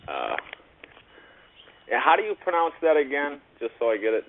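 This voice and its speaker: A man's voice: a little high, wildly swooping pitch, moderate pace, a crowd in the background. A man with a Boston accent chatting on a call-in radio show, often chiming in with agreement, over a phone line. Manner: chatty, frequent agreeing interjections.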